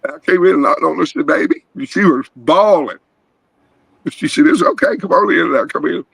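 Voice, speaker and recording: A man's voice: fairly high pitch, fairly quick, gravelly, slightly rough, no echo, poor audio. A middle-aged man, earnestly telling a rambling personal testimony on an open video call panel. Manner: rambling, earnest, animated storytelling. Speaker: guest caller.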